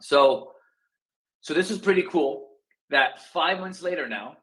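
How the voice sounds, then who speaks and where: Animated man coaching real estate students. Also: fairly high pitch, rough recording. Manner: animated, acts out phone calls in quick asides. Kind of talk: casual teaching talk to students.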